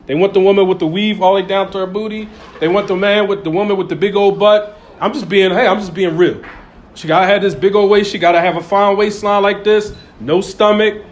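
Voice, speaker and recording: A man preaching a sermon in casual street English, asking the audience rhetorical "what?" questions and acting out little everyday scenes. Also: sits high. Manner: call-and-response questions, acts out little scenes. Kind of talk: Friday sermon.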